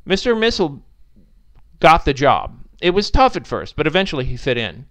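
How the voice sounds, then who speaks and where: Man, narrator, story reading, lively pitch, smooth resonant voice. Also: normal speed. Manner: expressive, animated storytelling. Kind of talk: audiobook-style story reading.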